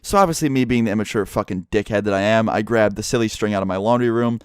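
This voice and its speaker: A young man with a low, smooth, clear voice tells a story to his vlog audience. His delivery is casual and blunt, full of swearing. The sound is close and dry. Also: quick pace, no room sound. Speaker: vlogger.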